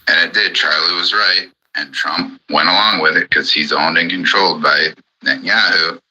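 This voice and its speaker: A man's voice: sits low, moderate pace, pushed and bright, breathy edge, dull audio. A man in an angry, profane ranting monologue on a live audio chat, hammering the same points again and again. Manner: furious, profane, repetitive.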